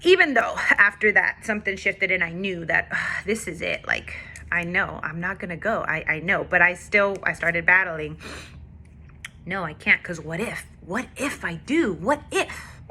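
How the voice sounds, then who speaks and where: A woman's voice: fairly low pitch, animated, unhurried, bright, forceful tone, husky. A woman with a daughter telling a candid, emotional faith testimony in a personal vlog. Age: adult with a daughter. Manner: candid, confessional, emotional storytelling. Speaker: faith vlogger.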